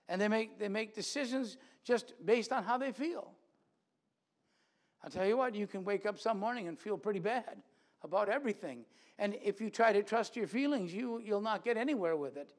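His voice sitting high, a man gives a lively church sermon in which he acts out quoted voices and swings widely between loud and soft.

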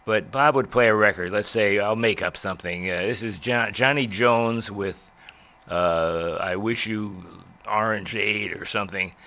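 An older man, a radio veteran, telling old stories in a rambling way with many pauses and restarts. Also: on the low side, bright, forceful tone. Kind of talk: reminiscing talk.

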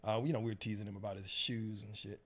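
A man's voice: lowish voice, little pitch movement, fast. A man on a podcast as a guest, telling boisterous, profane anecdotes in a casual chat.

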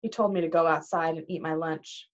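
A woman's voice: deep voice, a little fast. A woman reading a novel aloud, muffled. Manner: expressive, animated reading. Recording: dull lo-fi recording.

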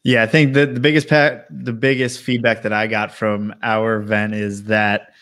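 Male interview host, easygoing and helpful, low resonant voice. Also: little pitch movement, normal speed, fairly bright tone. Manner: helpful, easygoing, explains tech plainly. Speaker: podcast host. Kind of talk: casual interview chat.

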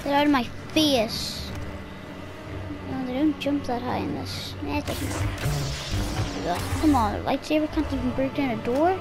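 A woman giving gameplay commentary on her channel, excitable and talking to herself as she plays. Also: high-pitched, normal speed, over music. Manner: excitable, talks to herself while playing. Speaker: gaming YouTuber.

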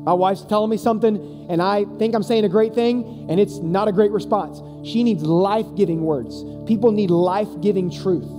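Casual high-voiced man preaching. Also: moderate pace, hardly any pauses, over music. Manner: casual, conversational, emphatic. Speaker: youth pastor. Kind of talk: sermon. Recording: long reverb of a large hall.

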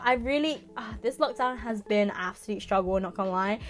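A young woman, unboxing a parcel in a casual vlog, giddy and excitable with exaggerated reactions. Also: mid-range voice, a little fast, few pauses, soft background music. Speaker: manga vlogger.

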